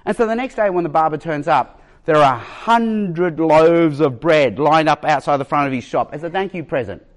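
A man preaching a sermon as a pastor, emphatic and given to storytelling, with jokes and pauses for effect. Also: on the high side. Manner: storytelling, emphatic, varies his pace.

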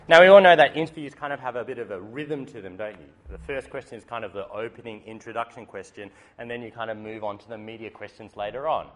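A man giving a sermon, telling a story in a lively, humorous way. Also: mid-range voice. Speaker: preacher. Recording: faint background noise.

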